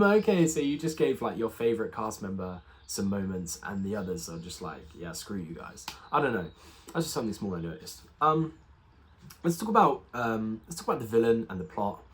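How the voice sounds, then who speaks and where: A man's voice: medium pitch, lively intonation, a little fast, a bit bright. A young man giving a casual spoken film review, rambling with many fillers and restarts. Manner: rambling, full of ums and restarts.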